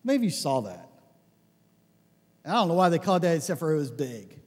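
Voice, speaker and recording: A man preaching a conversational sermon, telling stories with lots of restarts and animated asides. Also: on the high side, moderate pace, husky, in a large hall. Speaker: pastor.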